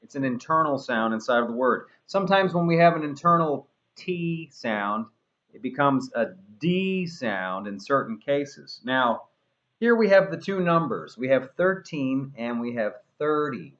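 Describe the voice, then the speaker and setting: A man leads an English pronunciation lesson, drawing words out slowly and carefully so learners can repeat after him. His voice swoops up and down with lively expression, and he drops in playful asides. The sound is dull and a little lo-fi. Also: medium pitch. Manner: slow, careful modeling of words for repetition. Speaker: English teacher.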